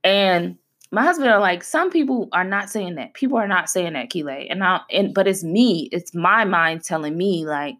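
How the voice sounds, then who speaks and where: A woman's voice: lowish voice, animated, normal speed, fairly bright tone. Candid, heartfelt woman podcast host. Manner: conversational and heartfelt, with emphatic repetition. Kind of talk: candid personal talk.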